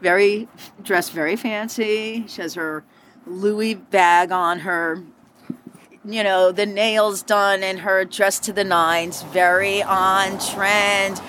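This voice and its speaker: A woman's voice: slow, slight background noise. A woman, a former bartender, telling stories in an interview and acting out the people she quotes. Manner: animated, acts out quoted voices with sharp pitch jumps. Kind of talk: storytelling interview.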